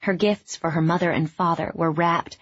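A woman reading a novel aloud in scripted narration, even and measured. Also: fairly low pitch, husky, no echo, dull audio. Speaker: audiobook narrator.

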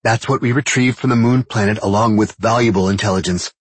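A man voicing a brisk, commanding senior woman officer in a storybook reading. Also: on the low side, slightly rough, no echo, voice pushed up.

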